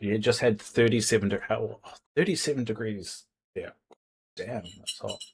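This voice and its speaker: Low-voiced rambling New man. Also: normal speed, creaky, husky. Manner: rambling, chatty, stumbles and repeats words. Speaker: streamer. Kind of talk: casual livestream chat. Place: home, indoors.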